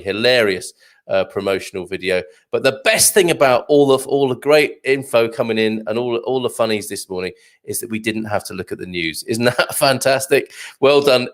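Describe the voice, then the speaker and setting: A male host chats through viewer comments on a casual live morning show, rambling with plenty of fillers and chuckles. His pitch sits in the middle but swings lively up and down as he jokes.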